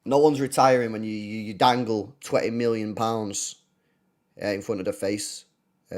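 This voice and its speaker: A man's voice: mid-range voice, very animated, normal speed, darkish tone. A man hosting a casual football livestream, blunt and profane, often repeating himself. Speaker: football channel host.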